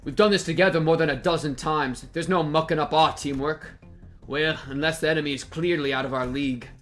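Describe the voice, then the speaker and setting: A man's voice: on the high side, steady tone, brisk, fairly bright tone, soft background music, lightly acted. A man reading game dialogue aloud in a put-on British accent, voicing a cocky, flippant male sniper with a wry, clipped delivery.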